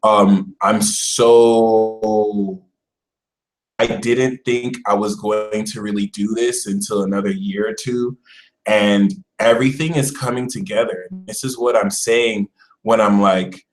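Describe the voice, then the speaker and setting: A man's voice: fairly low pitch, slow pace, faint music behind, low-quality recording. Chatty man hosting an astrology stream. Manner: chatty, animated, mock voices for the universe. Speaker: astrology channel host. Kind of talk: casual live-stream talk.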